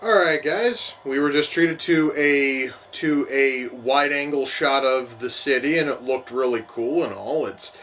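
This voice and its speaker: A man's voice: mid-range voice, a little slow, few pauses, fairly bright tone, far from the mic, slight background noise. Foul-mouthed exasperated man ranting. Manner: exasperated, swears heavily, rambling with restarts. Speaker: movie reviewer. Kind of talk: profane movie reaction rant.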